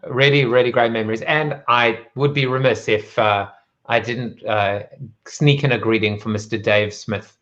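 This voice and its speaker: Male interview host, hesitant and halting, dull lo-fi video-call sound. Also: medium pitch, steady tone, a bit bright. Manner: halting, hesitant, with many fillers and restarts.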